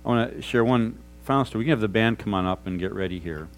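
A middle-aged man preaching a sermon as pastor, earnest and conversational, dropping to soft, hushed tones for prayerful lines. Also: on the low side, fast, slight background noise, low-quality recording.

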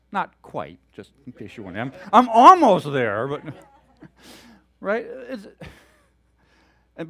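Animated man preaching with frequent chuckles. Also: high-pitched. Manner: animated storytelling, chuckles often. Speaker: pastor. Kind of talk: sermon.

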